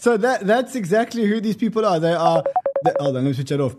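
A man's voice: high voice, animated, fast, loud music behind the voice. A man hosting a casual market show, talking animatedly, laughing often, swearing and repeating words as he goes. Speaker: host.

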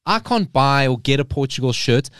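A man in his forties telling a story in a casual podcast chat, animated and emphatic, often repeating himself for weight. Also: medium pitch, moderate pace, smooth, no echo, studio quality. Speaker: podcast guest.

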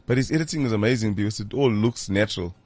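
A man, a comedian guest chatting in a laid-back, laughing, halting way. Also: fairly low pitch, darkish tone, no echo. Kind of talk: casual chat.

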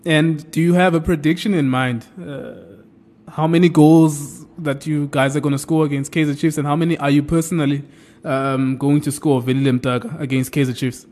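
A man's voice: fairly high pitch, fairly even intonation, moderate pace, darkish tone. A man hosting a radio sports show, talking with enthusiasm and exclamations.

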